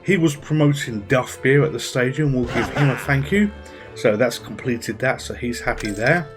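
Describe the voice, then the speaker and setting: A man's voice: medium pitch, moderate pace, music in the background. A man giving casual, chatty commentary as he plays a game at his PC, thinking aloud with little asides. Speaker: gaming channel host.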